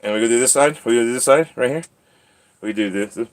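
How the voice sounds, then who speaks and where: A man's voice: mid-range voice, steady tone, fast talker. A man hosting a casual livestream from home, chatting and teasing while he talks to his cat and clips its nails. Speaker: channel host.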